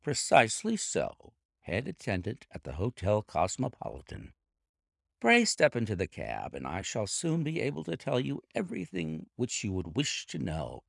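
A man voicing a calm, confident detective who speaks blandly and evenly. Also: on the low side, no echo, clean studio sound, full character voice. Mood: genial. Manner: bland, smooth, measured.

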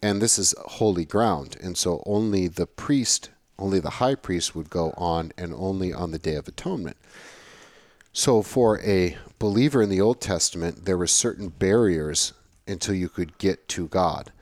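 Deep-voiced man giving a theology lecture. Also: normal speed, a little mellow, no echo, clean studio sound. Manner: conversational, emphatic, repeats phrases. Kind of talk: recorded classroom lecture.

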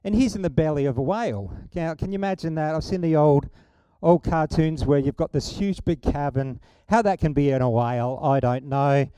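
A middle-aged man preaching, with a high voice for a man and a smooth, mellow tone. He tells the story with lively, joking energy. The sound is dry and close. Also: moderate pace, few pauses, dry recording. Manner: animated, humorous storytelling. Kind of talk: sermon.

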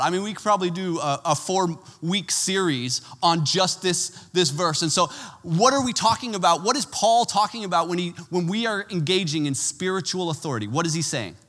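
Man, pastor, bright voice, slightly high, long hall reverb, chatty sermon. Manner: conversational, animated storytelling with asides.

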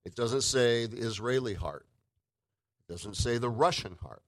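A man preaching a sermon in a conversational way, with emphatic swings between loud and soft. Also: mid-range voice, lively intonation, a little slow, rough recording.

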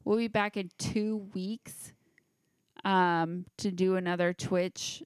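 A woman's voice: on the low side, fairly even intonation, takes it slowly, clean tone, no room sound, clean studio sound. Giggly tipsy woman podcast host. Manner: giggly, swearing, stumbling over names. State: tipsy, with hiccups. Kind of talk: casual chat, reading a list of creepy legends.

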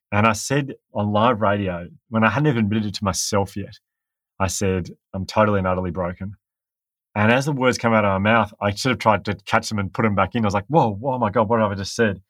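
Guy rambling fast thru a personal story on a podcast, dry mic. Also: on the low side, no echo. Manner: candid, reflective storytelling. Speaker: author guest. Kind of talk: podcast interview.

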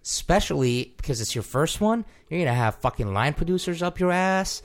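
A man's voice: on the high side, sing-song, a little fast. A man co-hosting a movie podcast who talks as a director and producer. He is boisterous, swears freely and lectures from experience. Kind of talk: casual movie podcast chat.

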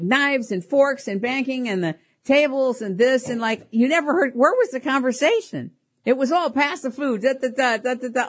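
A middle-aged woman hosting a show, telling personal stories in an animated way, often laughing and repeating her words. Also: fairly high pitch. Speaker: podcast host. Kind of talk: personal storytelling.

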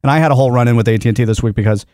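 A man hosting a radio talk show from the studio, telling a story with lively banter and acting out both sides of a phone call. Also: medium pitch, very fast, dry recording.

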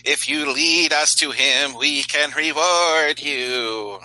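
A man voicing an oversized bumblebee leader who makes slow, clipped demands. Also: fairly high pitch, bright, forceful tone, no echo, heavily acted, rough recording. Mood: bargaining.

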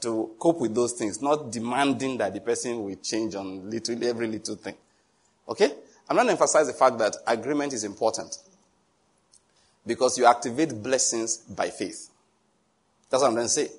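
A man preaching a sermon in an animated, joking way, with pleading asides to the congregation. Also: mid-range voice, husky.

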